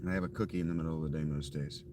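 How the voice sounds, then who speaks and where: A man's voice: rumbling low, fairly even intonation, racing, noisy background. A man streaming a survival game live, chatting casually with viewers in a dry, offhand, often profane way. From Ohio.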